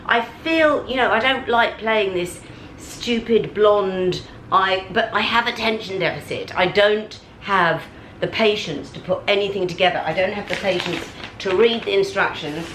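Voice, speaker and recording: A middle-aged British woman talking to camera in a casual vlog, ranting animatedly with big swings in pitch. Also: measured pace, fairly bright tone, a little hiss or hum, poor audio. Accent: British English. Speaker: vlogger. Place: at home and out on a city street.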